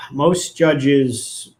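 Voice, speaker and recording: A man appearing as an attorney guest, explaining in a measured, blunt way. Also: mid-range voice, fairly even intonation, a little mellow, a little hiss or hum. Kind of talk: casual legal commentary.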